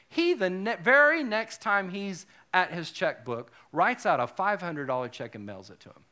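A male pastor giving a sermon, animated and joking, with self-deprecating asides. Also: high-pitched, moderate pace, hardly any pauses.

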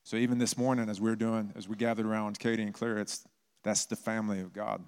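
His voice sits on the low side, with a level tone, a fast pace, and a clean sound. This male pastor delivers his sermon through conversational storytelling, and the church hall lends a long, lingering reverb.

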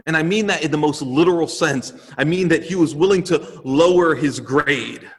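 A man's voice: on the high side, moderate pace. A male pastor giving an earnest, emphatic sermon in a church sanctuary. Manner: earnest, emphatic preaching with repeated phrases. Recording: long hall reverb.

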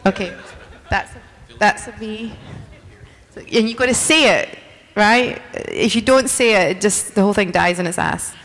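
Her voice sits in the mid-range, fairly bright, and moves at a moderate pace as this convention guest coaches the crowd through a goofy dance with a laugh. The exchange is energetic live-audience banter, and the hall gives it a long reverb.

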